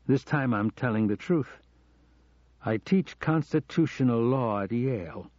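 A man voicing a middle-aged American professor who speaks in a quiet, earnest, confessional way. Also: mid-range voice, lively intonation, a little slow, no echo, lightly acted. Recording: dull lo-fi audio.

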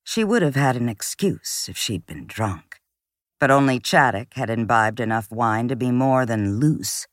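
A man reading a novel aloud in measured scripted narration, lifting his voice for quoted characters. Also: medium pitch, no room sound. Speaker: audiobook narrator.

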